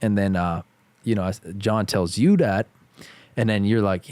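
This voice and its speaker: A man's voice: lowish voice, measured pace, a little mellow, clear, resonant tone, dry recording. A man in his twenties, a podcast guest, telling a story in a laid-back, slangy way, peppering it with "bro". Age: 20s. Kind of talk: casual podcast chat.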